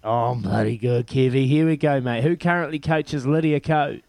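A man's voice: medium pitch, moderate pace, creaky, a little mellow, no room sound. A man hosting a breakfast radio quiz, matey and jokey with callers. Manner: matey, jokey, laughs often.

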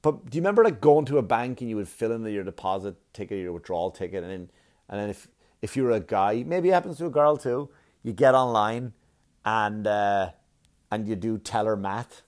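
Profane, animated male stand-up comic. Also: lowish voice, fairly quick. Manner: profane, animated storytelling with exaggerated quoted voices. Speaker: stand-up comedian. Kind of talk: stand-up comedy set.

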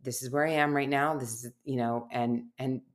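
Woman, very deep voice, middle-aged, podcast guest, reflective, chatty fillers. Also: fairly even intonation, normal speed. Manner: reflective, anecdotal, many fillers. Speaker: guest, research scientist. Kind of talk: casual podcast conversation.

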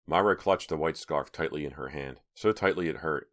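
A man narrating an audiobook in an even, measured storytelling manner. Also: rumbling low.

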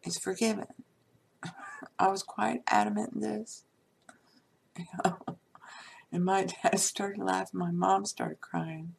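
A woman casually telling a personal story from her life to her viewers, chatty with many asides and soft laughs. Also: medium pitch, steady tone, takes it slowly, vocal fry, pauses often, slight background noise.

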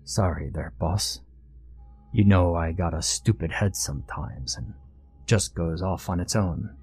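Guy doing a grunting thug henchman, fake london accent, low and surly. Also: measured pace, a little mellow, soft background music, heavily acted. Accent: fake cheap-stage London. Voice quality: gruff, grunting. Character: rough brutish male henchman, pirate-biker type. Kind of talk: storytelling.

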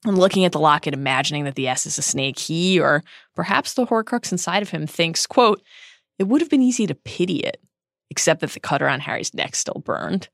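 Woman co-host reading a book essay aloud, measured and earnest, dry close mic. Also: low voice, animated, gravelly, dry recording. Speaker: podcast co-host.

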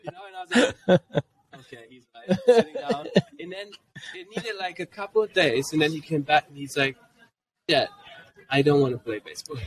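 Animated German-accented man telling stories. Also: fairly high pitch, a little fast. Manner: animated, jumps into quoted voices of his kids. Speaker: podcast guest. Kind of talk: casual storytelling. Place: convention podcast booth. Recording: voice a bit distant from the mic.

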